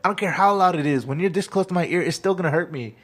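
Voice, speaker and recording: A man's voice: sits high, fast. A young man co-hosting a sports podcast, chatting casually and rambling with many fillers and laughs. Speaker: podcast co-host. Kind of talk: casual chat.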